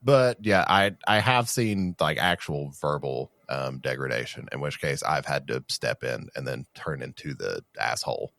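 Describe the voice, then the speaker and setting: A man's voice: rumbling low, expressive, moderate pace, creaky, few pauses, fairly bright tone. A man co-hosting a podcast, talking bluntly and casually, with some swearing. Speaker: podcast co-host. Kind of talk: casual chat.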